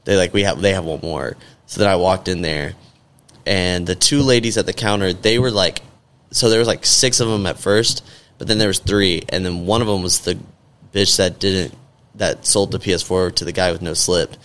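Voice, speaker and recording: A man's voice: sits low, fairly even intonation, moderate pace, fairly bright tone. A man in casual podcast chat, telling a rambling, profane story full of fillers.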